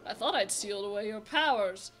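A woman voicing a smug male villain dark lord, reading game dialogue aloud with slow, theatrical menace. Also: medium pitch, animated, faint music behind, voice pushed down, natural voice.

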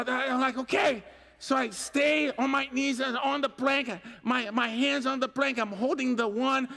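A man telling a comic story live to an audience, animated and bursting into shouts. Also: very high voice, creaky, in a large hall. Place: festival tent with a live audience.

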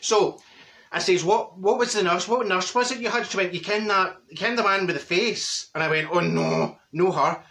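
Speaking at normal speed in a full, gravelly character voice, a man portrays a gossipy older Glasgow woman with a broad Glaswegian accent. She sounds high, bright and cutting, brashly chattering, cackling and imitating her neighbours for comic effect.

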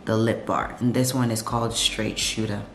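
Her voice is very deep and steady, moving at a moderate pace as she chats sassily with plenty of slang in a late-night home vlog. She talks to a camera set up close by, in an echoey room with music behind and a faint hiss or hum.

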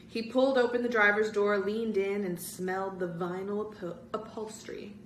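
A woman reading a children's chapter book aloud, narrating with expressive drama. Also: medium pitch, moderate pace, distant mic, slight background noise. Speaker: story-time reader. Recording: roomy echo.

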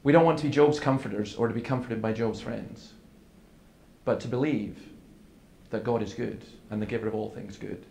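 A man gives an earnest seminar talk in a gravelly, mid-pitched voice. He tells stories and acts out the dialogue. The sound carries echo from a hall, with faint room noise behind. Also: steady tone, moderate pace, dark tone. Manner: earnest, storytelling with quoted dialogue. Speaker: preacher.

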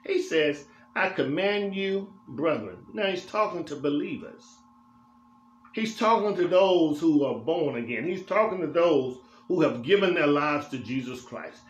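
A man's voice: a little high, lively intonation, measured pace, lo-fi sound, a little hiss or hum. A male pastor teaching a Bible study in a church, speaking emphatically and repeating phrases for weight in a preaching cadence. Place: church sanctuary. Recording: roomy church echo.

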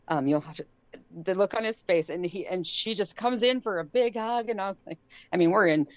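A middle-aged woman appears as a podcast guest with a brisk, mid-range voice, casually telling a story. Animated and quick to laugh, she acts out others' words, and the dry recording has a dull lo-fi quality.

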